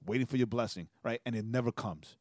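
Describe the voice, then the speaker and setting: Man, podcast co-host, casual storytelling, middle pitch, keeps asking "right?", dry close mic. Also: fast talker, a little mellow, no room sound. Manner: storytelling, tags nearly every sentence with "right?". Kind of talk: casual chat.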